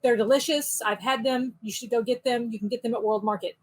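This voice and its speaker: A woman's voice: a little high, steady tone, a little fast. A woman co-hosting a podcast, presenting a light segment in a bubbly, joking way. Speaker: podcast co-host.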